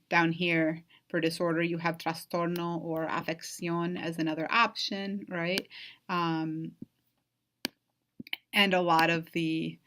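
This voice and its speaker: Woman teaching, lowish voice. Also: a bit bright, a little hiss or hum. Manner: explanatory, frequent "right?" and "um" checks. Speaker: Spanish instructor. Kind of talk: recorded online lecture.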